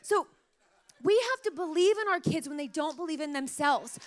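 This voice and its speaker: High-voiced animated mom telling stories. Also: female voice, moderate pace. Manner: animated, emotional, lots of "like" fillers. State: slightly sore throat. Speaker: mother sharing parenting stories. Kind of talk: casual storytelling to camera.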